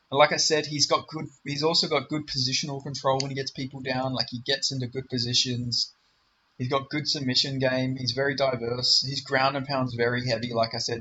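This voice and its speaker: A young man who makes MMA predictions on YouTube gives casual solo commentary, rambling, confident, and enthusiastic, full of fillers and self-corrections, and his voice briefly gives out. His voice is medium-pitched and a bit bright, with the highs cut off and a little hiss or hum.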